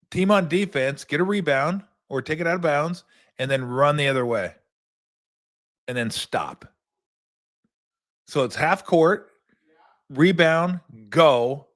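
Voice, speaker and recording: A middle-aged man hosting a talk show and telling an animated story, often repeating words as he goes. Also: medium pitch. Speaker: host, former basketball player. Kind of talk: casual storytelling.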